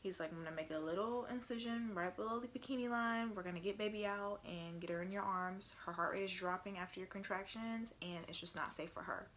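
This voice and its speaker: A woman's voice: medium pitch, brisk, few pauses, fairly bright tone, slight background noise. A young woman casually telling a personal story to camera, chatty and full of "like", acting out what others said. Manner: chatty, heavy use of "like", acts out quotes. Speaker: vlogger.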